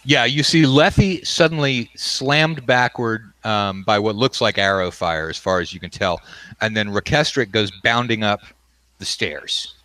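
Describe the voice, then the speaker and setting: A man's voice: on the low side, sharp tone, no room sound, low-quality recording. A man acting as dungeon master, narrating a tabletop game with many ums and uhs. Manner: halting, full of ums and uhs. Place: home game room on camera.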